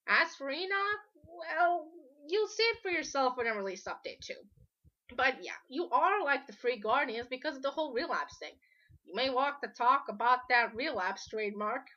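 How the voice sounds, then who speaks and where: A woman's voice: high voice, pushed and bright. A woman with a sore throat delivering a blunt, lecturing commentary rant with casual profanity, recorded on a dull lo-fi mic. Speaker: online drama commentator.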